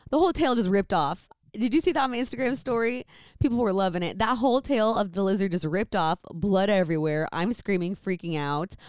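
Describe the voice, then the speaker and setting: A woman's voice: mid-range voice, clean tone, dry recording, clean studio sound. A young woman from the Bay Area, telling a story in chatty, casual talk full of "like". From San Francisco Bay Area, California. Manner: chatty, lots of "like". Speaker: vlogger.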